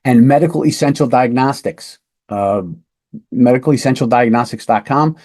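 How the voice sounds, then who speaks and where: A lieutenant on the police force, hosting a podcast, shares a case to illustrate an interview technique. He speaks at a moderate pace in a medium pitch with a darkish tone, emphatic and conversational, checking in with "right?"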